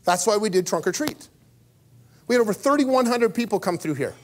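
A man preaching a sermon as pastor, telling stories with sudden jumps in pitch and small laughs along the way. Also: animated, a little fast, a little hiss or hum. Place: church.

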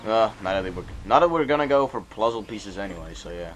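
A young man commentating on a video game, goofy and rambling, jumping between loud outbursts and mumbled asides, on a cheap microphone with hiss. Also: fairly low pitch, lively intonation, brisk, soft background music. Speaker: let's play commentator. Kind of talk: casual gameplay commentary.

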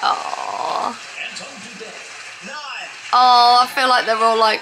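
A woman giving an excited, casual reaction commentary as a dance vlogger, gushing, gasping and exclaiming as she watches. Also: mid-range voice, slow pace, gravelly, long pauses. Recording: music playing loudly behind her.

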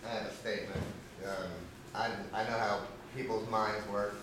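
A man with a lowish voice raises a concern at a staff meeting, hesitating and padding his words with fillers. He is far from the mic in a very echoey room. Steady background noise runs under him. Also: normal speed.

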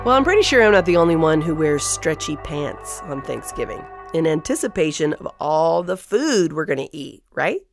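A woman hosting a podcast, giving a conversational devotional Bible teaching and reading scripture aloud with lively energy. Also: low-pitched, normal speed, few pauses, over music.

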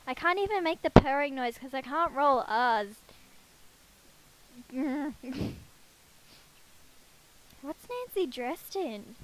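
A woman's voice: sits high, sing-song, moderate pace, hardly any pauses, rough recording. A woman giving casual, chatty commentary while playing a life-sim game, talking to her characters and poking fun at herself. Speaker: let's play gamer. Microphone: headset.

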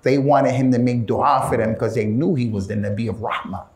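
A male preacher giving an informal, animated sermon in casual street slang, often calling his listeners "man". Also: mid-range voice, fairly quick, reverberant.

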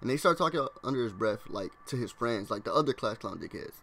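This young vlogger's voice is on the low side, animated and fairly bright, with slight background noise. He casually rambles through a story in slang, leaning heavily on "like" and mimicking classmates' lines in quick impressions.

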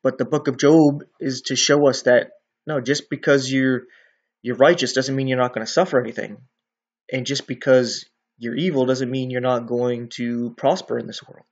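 A man talks through a Bible passage in a loose, conversational way, now and then checking in with his listener. His voice sits at an ordinary middle pitch. The recording sounds a little dull and lo-fi. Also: fairly even intonation, normal speed, slightly rough. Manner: conversational, often ends with "right?". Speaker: bible teacher. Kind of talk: casual bible teaching.

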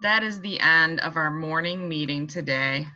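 A young woman teacher reading a picture book aloud and leading a morning meeting for young children in a slow, sing-song, encouraging way, recorded at home. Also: low-pitched, muffled recording. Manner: sing-song, warm and encouraging, speaking slowly and clearly to small children.

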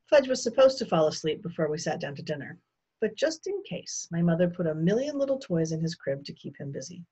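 A woman teacher reading a children's novel aloud in an expressive storytelling manner. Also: lowish voice, fairly quick, breathy edge.

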